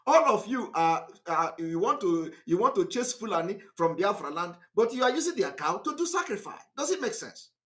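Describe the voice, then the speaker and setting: A man's voice: high voice, very animated, moderate pace, few pauses, a bit bright. A man with a Nigerian accent giving an impassioned live online broadcast, emphatic and defiant, repeating his points. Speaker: activist broadcaster.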